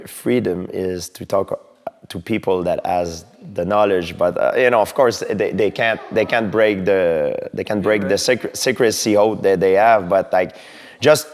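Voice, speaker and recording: A man speaking in a halting way, restarting often, with non-native phrasing. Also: on the low side. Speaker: guest in conversation. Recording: reverberant room.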